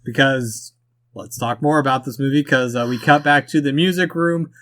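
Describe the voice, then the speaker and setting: Dry, wry man podcaster, mid pitch. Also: moderate pace, a bit bright. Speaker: podcast co-host. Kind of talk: casual movie review chat.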